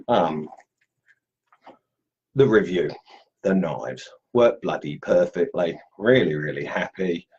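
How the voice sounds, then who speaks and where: Chatty, husky man hosting. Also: low voice, a little mellow, muffled recording. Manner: chatty, jokey, rambling with many fillers. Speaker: host of a carving group livestream. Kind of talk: casual livestream chat.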